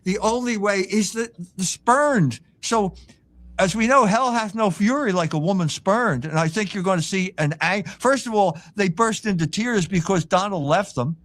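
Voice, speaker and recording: An older man speaks as a guest author on a live interview stream. His voice sits high, and he lectures in an opinionated, emphatic way. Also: normal speed, fairly bright tone.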